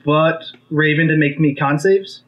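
A man's voice: on the high side, fairly even intonation, measured pace. Lo-fi game master man calling saves. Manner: matter-of-fact rulings, calls for saves. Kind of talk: running a tabletop game over voice chat.

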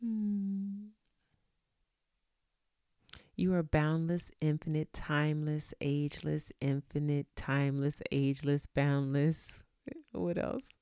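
Woman, low gravelly voice, motivational gratitude vlog, repetitive affirmations, dry close sound. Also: level tone, measured pace, mellow, no room sound. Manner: repetitive, affirming, with chatty asides. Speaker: vlogger. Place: room at home.

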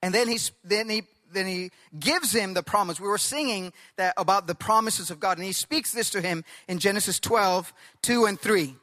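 Bright-voiced preacher in a reverberant hall. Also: male voice, high voice. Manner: emphatic, drawn-out stresses, leads the congregation in call-and-response. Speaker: pastor. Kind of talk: sermon.

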